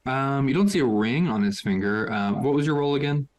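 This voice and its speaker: A man's voice: medium pitch, animated, brisk, a little mellow. A man narrating a tabletop game as game master, loose and full of fillers.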